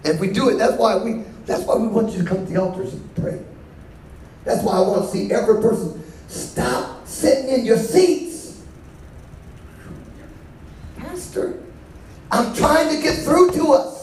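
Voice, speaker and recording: A man gives a sermon as a bishop, preaching conversationally while the congregation responds. His voice is high-pitched, animated and darkish in tone, at normal speed. The sound comes from far off in an echoey church, with slight background noise.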